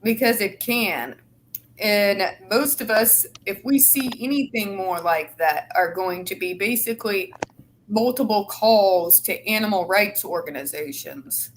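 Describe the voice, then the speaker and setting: A woman's voice: mid-range voice, measured pace. A woman hosting a casual group chat, heated, indignant and swearing freely. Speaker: host.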